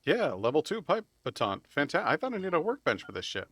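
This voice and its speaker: A man streaming a video game live, chatting casually and rambling as he plays, swearing freely and laughing loudly at chat. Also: fairly high pitch, wildly swooping pitch, a little fast, hardly any pauses, no echo. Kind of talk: live gameplay commentary.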